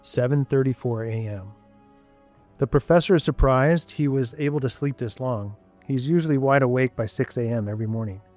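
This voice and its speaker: A man reading scripted narration for an audio story in an even, measured way. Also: medium pitch, soft background music.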